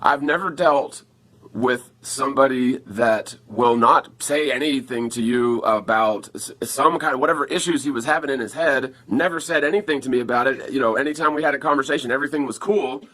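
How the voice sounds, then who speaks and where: A man's voice: mid-range voice, brisk, a bit bright. A man talking to camera on a phone in a rambling, profane casual vlog, upset after an attack and asking viewers for help.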